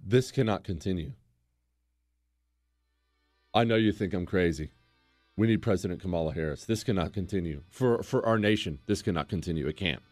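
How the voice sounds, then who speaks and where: A man's voice: sits low, moderate pace, long pauses, dry recording, soft background music. An American man hosting a political talk show, speaking emphatically and acting out quotes. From United States. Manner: animated, emphatic, acts out quotes.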